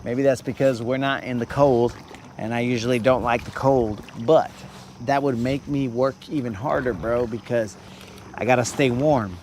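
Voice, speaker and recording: A man's voice: mid-range voice, fairly even intonation, normal speed, darkish tone, slight background noise. A man hosting a fishing livestream, joking and rambling in slangy casual chat from a boat outdoors.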